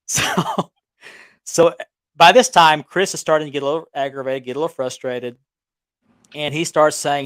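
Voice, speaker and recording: This co-host of a belt collecting chat show rambles through a story from his small-town home, restarting repeatedly and chuckling, over a remote call with audio delay. His voice is a little high and fairly bright, a little slow with frequent pauses, in a dry studio-quality recording.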